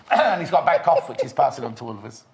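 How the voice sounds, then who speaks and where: A man's voice: a little high, sing-song, fast talker, creaky, a little hiss or hum. A man presenting a live shopping show, gushing over products and bantering with his guest. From Merseyside, England. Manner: gushing, repeats himself, teasing banter. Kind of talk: chatty live sales presenting.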